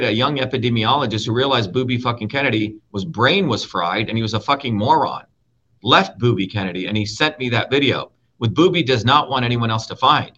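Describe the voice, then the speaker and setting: A man's voice: mid-range voice, sharp tone. A man from India who grew up there, hosting and ranting about politics in a profane, emphatic way that repeats key words. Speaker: show host and guest speaker. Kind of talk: heated political rant. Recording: dull, slightly lo-fi audio.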